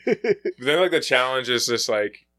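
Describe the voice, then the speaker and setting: A man's voice: medium pitch, expressive, moderate pace, pushed and bright. A man hosting a casual sports podcast, rambling with lots of fillers, restarts and swearing. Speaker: podcast host.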